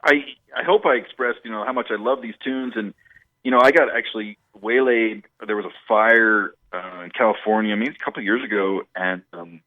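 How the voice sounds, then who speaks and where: A man's voice: fairly low pitch, a little fast, no room sound, phone-quality sound. A man, a musician guest, telling stories in a rambling stream-of-consciousness way during a radio interview.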